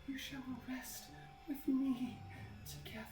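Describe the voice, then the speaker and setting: A man voicing a grim female ghost who speaks in drawn-out, half-whispered lines, recorded in an echoey room. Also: extremely high pitch, fairly even intonation, music in the background, pitched above the performer's own voice, heavily acted. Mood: ominous. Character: grown female ghost, grim and doom-saying.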